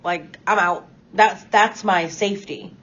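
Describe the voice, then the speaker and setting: A woman's voice: medium pitch, a little slow, fairly bright tone, highs cut off. Chatty woman student in a classroom. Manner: candid, chatty, says "like" a lot. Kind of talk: casual classroom discussion.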